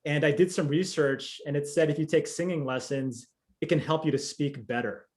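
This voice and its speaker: A man with a somewhat high voice answers a host's questions in a speech contest, relaxed and ready with a joke. He speaks over a video call. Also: moderate pace. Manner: playful, joking. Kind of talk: casual interview answers.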